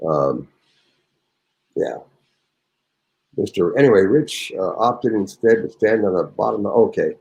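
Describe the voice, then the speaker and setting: A man's voice: on the low side, animated, a little slow, creaky, long pauses, darkish tone, poor audio. A man around seventy, an actor and guest, reading a memoir anecdote and chatting in a raucous, theatrical way.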